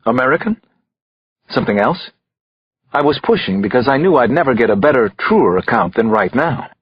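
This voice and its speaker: A male narrator reads a thriller with an expressive delivery, and his pitch rises and falls a lot. His voice has a husky grain. The recording is dry, close and a little dull. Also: brisk, no echo. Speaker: audiobook narrator.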